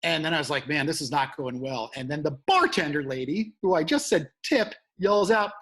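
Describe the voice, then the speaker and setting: A man, a comedian guest, telling a long road story in casual chat, profane and animated, shouting out the lines he quotes. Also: fairly high pitch, normal speed, few pauses.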